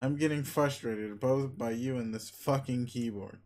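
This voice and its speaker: A crude, arrogant young alien brat barks rude, bossy lines, as a man reads the webcomic aloud. The voice sits at an ordinary middle pitch, close to the reader's own. It comes across as a webcomic figure read with voices. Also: normal speed, darkish tone, natural voice. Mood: grumpy. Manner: rude, bossy, foul-mouthed.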